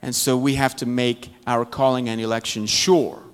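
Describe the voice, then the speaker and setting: A man's voice: medium pitch, little pitch movement, normal speed, clean tone. A man teaching a Bible study, giving a conversational, folksy sermon full of humorous stories. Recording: long church-hall reverb.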